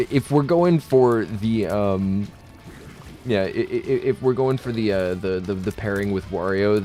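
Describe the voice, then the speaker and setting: A man's voice: on the low side, a little mellow. A man chatting casually on a live stream while playing a game, rambling and joking with frequent stammered restarts and laughter.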